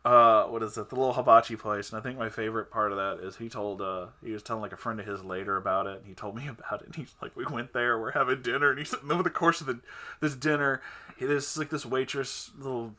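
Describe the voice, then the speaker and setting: A man hosting a casual podcast chat, telling an animated story, acting out the other people's lines and often breaking into laughter. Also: mid-range voice, fast. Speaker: podcast host.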